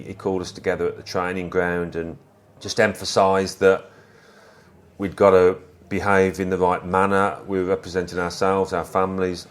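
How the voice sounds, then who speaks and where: An English man in his fifties, a former footballer, telling stories in a relaxed interview with small restarts. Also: sits low. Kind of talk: reflective conversational storytelling.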